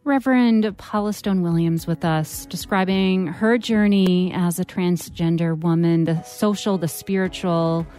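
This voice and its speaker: Woman radio host, low-ish voice, calm scripted prompts, faint music under. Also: measured pace, hardly any pauses. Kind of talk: public radio call-in hosting.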